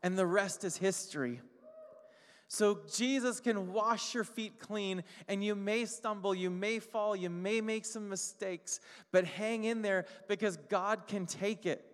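A male pastor preaching a sermon, emphatic and repetitive, stacking short phrases and slowing down on key lines. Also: high-pitched, smooth. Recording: long hall reverb.

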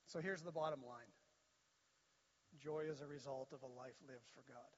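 A man preaching a sermon as pastor, in a plain conversational way. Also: on the high side. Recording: dull sound with long hall reverb.

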